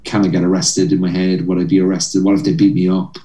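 An Irish comedian spins a lively story, slipping into the voices of the people in it. His voice sits low, and the sound comes from a fair way off the mic in a roomy, echoey space. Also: fast talker, recorded from a distance. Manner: animated storyteller, acts out voices and laughs. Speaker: comedian guest. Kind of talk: storytelling anecdote.

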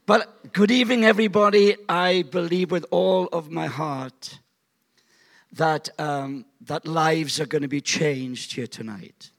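Gravelly, high-voiced preacher in his seventies. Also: unhurried. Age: 70s. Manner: animated, jokey, acts out voices. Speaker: guest pastor. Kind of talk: storytelling sermon. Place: church service.

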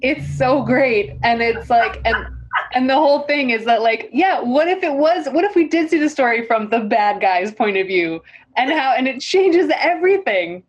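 A woman's voice: high voice, lively intonation, normal speed, husky, highs cut off. A woman host chatting in a thoughtful, conversational way. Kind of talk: casual chat.

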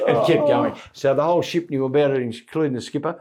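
A man, a comedian guest telling self-deprecating anecdotes in a relaxed, rambling interview. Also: medium pitch, fast, few pauses, crowd noise. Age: 70s. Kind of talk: casual interview storytelling.

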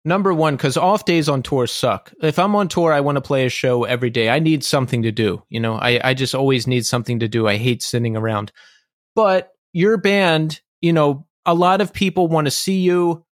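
A man hosting a podcast, interviewing a guest in a relaxed, friendly way. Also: fairly high pitch, normal speed, no echo, studio quality. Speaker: podcast host.

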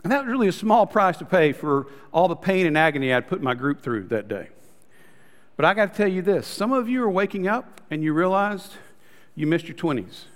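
A man preaches a sermon in a storytelling way, calling his listeners "guys" and dropping into soft, close tones. His voice sits fairly high for a man. A long hall reverb trails behind every phrase. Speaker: pastor.

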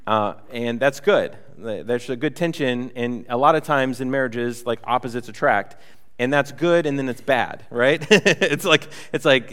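A man's voice: mid-range voice, fairly bright tone, in a large hall. A man preaching a sermon as pastor, conversational and joking, with many fillers and restarts. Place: church hall.

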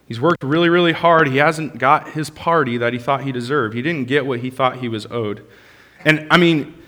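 A man preaching with passion, his bright, forceful voice rising to loud bursts and then falling to soft, hushed lines. He speaks a little higher than most men. His sermon rings out in a large sanctuary with a long hall reverb. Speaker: pastor.

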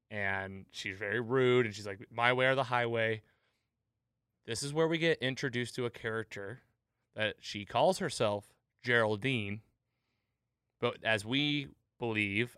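A man's voice: medium pitch, sharp tone, clean tone, no echo, clean studio sound. A man hosting a podcast, animatedly retelling a TV episode in casual chat and laughing at the jokes. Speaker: podcast host.

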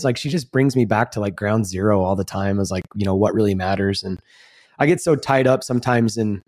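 A man with a low voice co-hosts a podcast, talking in a loose, rambling way. He swears casually and speaks as if among friends. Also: fairly quick, a little mellow. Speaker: podcast co-host.

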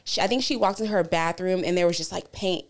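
A woman's voice: fairly low pitch, brisk. A woman in her twenties, a podcast co-host who tells a meandering story casually, with lots of fillers and some swearing.

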